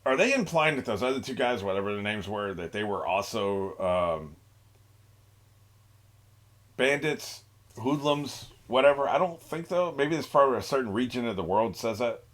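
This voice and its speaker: A man's voice: mid-range voice, animated, moderate pace. A young man hosting an anime reaction, rambling in a laid-back way with frequent laughs and mocking asides. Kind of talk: casual reaction commentary.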